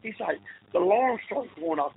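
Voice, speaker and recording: This man, a football coach being interviewed, has a high, gravelly voice with lively intonation and normal speed. He rambles through casual stories, laughing and restarting, heard through tinny phone-like audio with faint noise.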